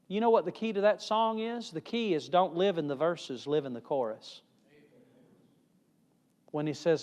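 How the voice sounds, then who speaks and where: High-pitched preacher man in a reverberant hall. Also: normal speed, pauses often. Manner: emphatic preaching, pitch and loudness rising and falling. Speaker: evangelist. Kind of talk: sermon. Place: church hall.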